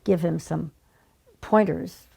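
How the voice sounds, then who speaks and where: An older woman telling stories as an interview guest, animated and conversational. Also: sits low, slow pace, vocal fry, husky. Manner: animated, conversational, acts out remembered exchanges. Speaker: guest, former casting director. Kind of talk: storytelling in conversation.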